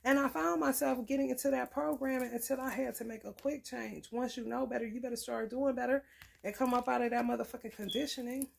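A woman's voice: fairly high pitch, steady tone, quick pace, gravelly, slightly rough. A woman giving a blunt, profane, preachy casual tarot reading. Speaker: tarot reader.

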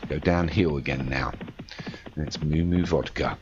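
Deep-voiced racing commentator. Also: male voice, normal speed. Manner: rises sharply to excited shouting at the finish. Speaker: race commentator. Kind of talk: horse racing commentary over a game. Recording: slightly dull lo-fi audio with faint noise.

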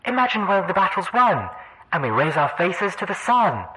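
A man voicing a sweet, defiant female pony singer, delivering rousing anthem lines in a raised, husky voice. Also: sits high, sing-song, unhurried, fairly bright tone, a little hiss or hum, pitched above the performer's own voice, heavily acted, low-quality recording. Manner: rousing, sung-spoken.

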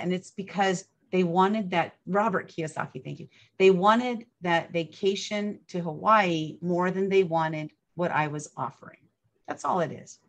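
A woman hosting an online event, chatty and upbeat, rambling with fillers. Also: lowish voice. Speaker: event host.

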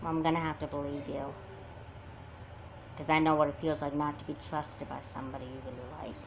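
A woman's voice: sits low, little pitch movement, a little fast, highs cut off, background noise. A woman voicing a hurt, confused teenage girl who talks in a subdued, sullen way in an amateur doll movie. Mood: doubtful. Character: hurt, confused teen girl, sulky and quiet.

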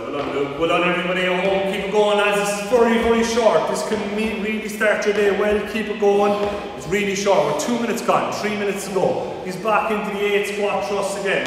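A man coaching a live workout, with energetic, repeated encouragement and countdowns. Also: high-pitched. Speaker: fitness coach. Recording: echoey hall from far off, faint noise.

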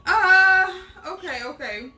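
A woman's voice: very high-pitched, expressive, slow pace. A middle-aged woman co-hosting a live home cooking stream, chatting and teasing as she reads out viewer comments. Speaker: co-host of a live cooking show. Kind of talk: casual live-stream chat. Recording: echoey room with background noise.

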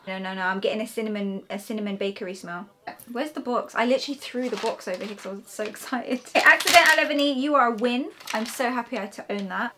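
Young woman, excitable perfume vlogger, slightly high voice. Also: slight background noise. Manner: gushing, excitable, talks to viewers. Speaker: fragrance reviewer. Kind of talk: casual haul vlog.

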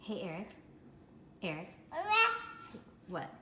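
A woman's voice: lowish voice, slow pace, reverberant, slight background noise. A mother in her home kitchen filming her toddler, talking to him in a playful, coaxing sing-song. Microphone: handheld camera taping.

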